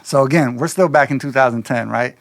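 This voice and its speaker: A man telling a personal story in loose, slangy, animated casual talk, slipping into quoted voices. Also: medium pitch, a little fast, creaky, dry recording.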